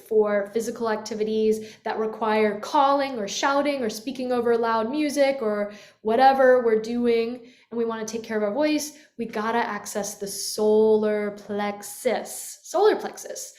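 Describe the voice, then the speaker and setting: Brief: woman voice teacher, slightly high voice, demonstrative with yawns and sighs, webcam in a reverberant room. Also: steady tone, unhurried, hardly any pauses, darkish tone. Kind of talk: guided vocal lesson. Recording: echoey room.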